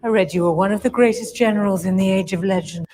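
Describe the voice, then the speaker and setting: An actress playing a composed sorceress questioning a captive, with a calm, measured delivery. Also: female voice, medium pitch, close to an everyday voice. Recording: reverberant TV clip with faint background noise.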